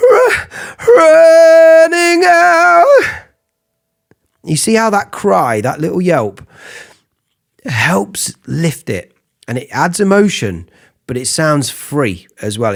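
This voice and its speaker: A man giving a casual singing lesson, explaining vocal technique between falsetto sung examples. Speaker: singing teacher.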